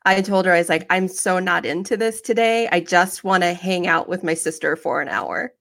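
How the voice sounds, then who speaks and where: A woman's voice: lowish voice, normal speed, creaky, a bit bright. A woman co-hosting a podcast in a casual chat. She has a playful manner and laughs often. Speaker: podcast co-host.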